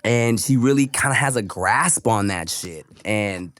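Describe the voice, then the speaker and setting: A man's voice: lowish voice, animated, measured pace, a bit bright, dry recording. A man co-hosting a podcast in casual chat, easygoing and slangy, talking into a close studio mic. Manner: laid-back and slangy, calls his friend bro and dude. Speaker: podcast co-host.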